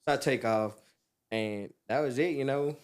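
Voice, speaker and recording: A man telling a story on a podcast in casual chat, laughing and loudly acting out what people said. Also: mid-range voice, moderate pace. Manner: animated, laughing, acts out quotes loudly. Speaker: podcast guest.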